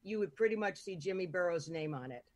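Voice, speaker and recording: A woman's voice: fairly low pitch, expressive, quick pace. A woman hosting an interview podcast, chatty and rambling, with lots of filler words. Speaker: host. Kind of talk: casual interview chat.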